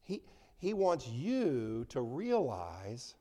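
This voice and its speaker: A man preaching a conversational sermon to a congregation in a church, swinging between loud emphasis and soft asides. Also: medium pitch, very animated, unhurried, pauses often.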